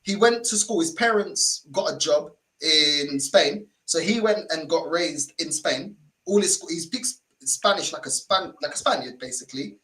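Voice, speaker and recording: A man's voice: a little high, expressive, normal speed, fairly bright tone, rough recording. A young man telling stories in casual chat, slangy and chatty, ending lines with "innit". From England.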